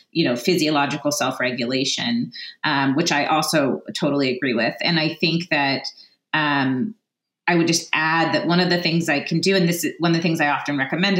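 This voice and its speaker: A woman's voice: deep voice, fairly bright tone. A woman psychologist chatting on a podcast, thinking aloud and often checking in with "right?". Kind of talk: casual podcast discussion. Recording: echoey room.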